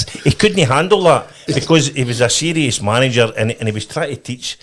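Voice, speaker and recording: A Scottish man, a former footballer, telling animated anecdotes as a podcast guest. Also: mid-range voice, a little fast, few pauses. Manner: animated storyteller, restarts often. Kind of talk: casual chat, telling anecdotes.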